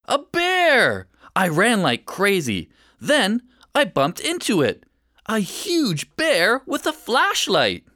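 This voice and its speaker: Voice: medium pitch, huge pitch swings, slow pace, pushed and bright, no echo, clean studio sound. A storyteller reading a first-person children's story aloud with expression.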